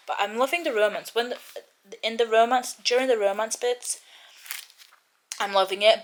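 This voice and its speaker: A woman's voice: lowish voice, fairly bright tone, slight background noise, low-quality recording. A young woman talking casually to her camera in a reading vlog. She rambles in a chatty way and gets emotional about the book. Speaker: book vlogger.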